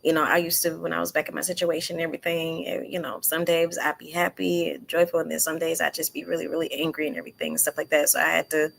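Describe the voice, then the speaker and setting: Low-voiced woman, hesitant. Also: level tone, fast talker, gravelly, hardly any pauses, fairly bright tone, a little hiss or hum. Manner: hesitant, many restarts and fillers. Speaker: podcast co-host. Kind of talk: casual chat.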